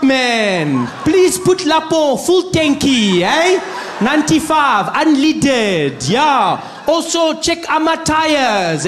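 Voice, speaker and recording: A man voicing a patronising driver who talks down to a petrol attendant in loud, slow pidgin. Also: very high-pitched, reverberant, a little hiss or hum, voice pushed up, exaggerated voice.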